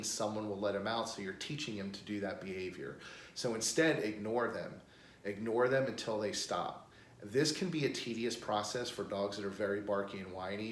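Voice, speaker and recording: Low-voiced American dog trainer in echoey room. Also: male voice. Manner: plain practical explaining, upbeat praise bursts. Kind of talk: instructional demonstration. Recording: echoey room with faint noise.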